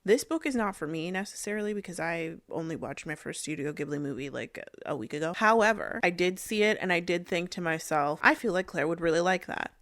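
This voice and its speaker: Young woman, lower voice, casual opinionated vlog chat on a phone, dry room. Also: expressive, a little fast, hardly any pauses, no room sound. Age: young adult. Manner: chatty, opinionated, reads blurbs aloud. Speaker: book vlogger. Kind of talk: casual book haul chat.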